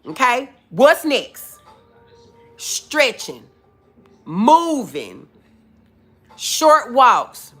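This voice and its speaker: A woman's voice: high voice, big pitch swings, very slow, long pauses, fairly bright tone, faint music behind. A woman hosting a casual home livestream, chatting with viewers, laughing often and calling them y'all and baby. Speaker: livestream host.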